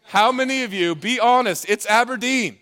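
High-voiced pastor preaching. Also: male voice, normal speed, sharp tone. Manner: playful, conversational preaching with asides to the congregation. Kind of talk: sermon.

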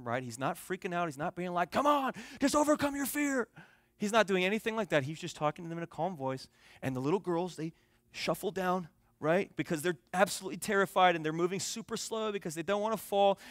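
Man, young adult, pastor, sermon, higher voice, dry sound, storytelling, soft to emphatic. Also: a little fast, no echo.

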